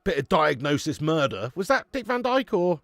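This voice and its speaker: A man's voice: a little high, very animated, moderate pace, a bit bright, no echo. A young man hosting a live football watch-along, chatting casually with viewers, laughing often and swearing freely. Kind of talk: live casual chat reading viewer comments.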